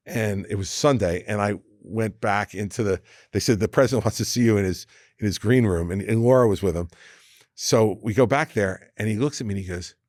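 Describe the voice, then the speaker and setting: Older male guest, deep and dry, spins anecdotes with quick impressions. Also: no room sound. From United States. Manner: anecdotal, quotes others in lively impressions. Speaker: guest, former governor. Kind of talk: storytelling interview chat.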